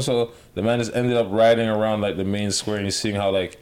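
A man's voice: on the low side, fairly quick. A man chatting casually and telling stories in slang. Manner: slangy, animated storyteller. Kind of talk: casual chat.

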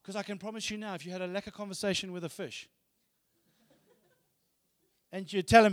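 A man's voice: sits high, fairly quick, long pauses, a bit bright. A man preaching a sermon, emphatic, repeating phrases and asking rhetorical questions. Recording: long hall reverb.

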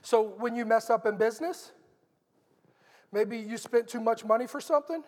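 A man's voice: high voice, brisk. Earnest preacher man in a reverberant hall. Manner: earnest, conversational storytelling. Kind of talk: sermon.

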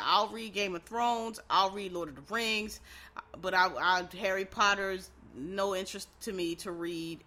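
A casual vlogger reviews a show in a loose, unscripted monologue. The voice sounds crisp and bright. The talk is blunt and opinionated, full of fillers, restarts and swearing. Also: mid-range voice. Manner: frank, opinionated asides to viewers.

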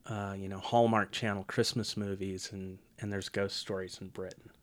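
A man chatting casually about movies on a podcast, jokey and animated, his voice jumping up when excited. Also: sits low, normal speed. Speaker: podcast co-host.

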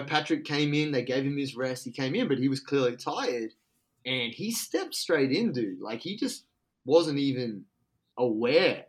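An excitable Australian man telling a story in casual, slangy talk. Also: on the high side.

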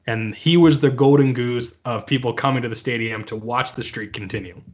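A man's voice: mid-range voice, fairly quick, dull audio. Playful man co-hosting a podcast. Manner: playful, spins hypotheticals. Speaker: podcast co-host. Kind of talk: casual chat.

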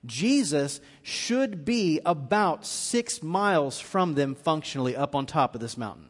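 In a church auditorium, a pastor delivers a live sermon in a voice that is high for a man, ringing through the large hall with a long reverb. He tells the story vividly and expressively at a measured pace, acting out the quoted lines and building in intensity as he goes.

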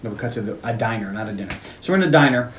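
A man's voice: mid-range voice, very fast, echoey room, a little hiss or hum. A man co-hosting a casual movie podcast, retelling scenes and acting out dialogue with swearing. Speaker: podcast co-host. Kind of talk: casual movie recap chat.

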